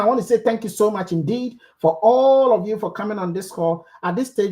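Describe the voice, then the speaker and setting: A woman's voice: lowish voice, mellow. A woman, leading a network marketing group call with a preachy motivational speech that repeats key phrases for emphasis. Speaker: network marketing team leader.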